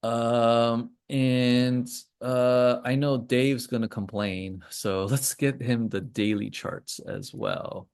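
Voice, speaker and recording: Rambling gravelly man hosting a trading call. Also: medium pitch, lively intonation, takes it slowly, hardly any pauses, darkish tone. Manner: rambling, joking asides, many fillers. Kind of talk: casual screen-share commentary.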